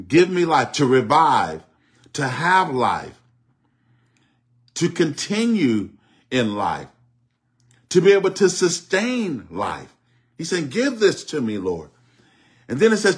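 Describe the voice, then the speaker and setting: A middle-aged man preaching a Bible study, repeating phrases and dropping frequent amens. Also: medium pitch. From Oklahoma, US. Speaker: bishop teaching Bible study.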